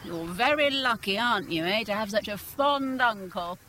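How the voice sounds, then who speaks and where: Woman as a gushing neighbour, lively pitch, noisy background. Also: normal speed, natural voice. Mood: cooing. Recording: radio drama with background noise.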